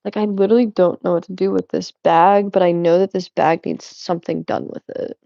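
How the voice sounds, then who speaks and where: A woman's voice: fairly low pitch, steady tone, a little fast, vocal fry, warm tone, no room sound, lo-fi sound. A young woman streaming as she cleans at home, chatting playfully and teasing her viewers in a rambling way. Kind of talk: casual chat while cleaning. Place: indoors at home.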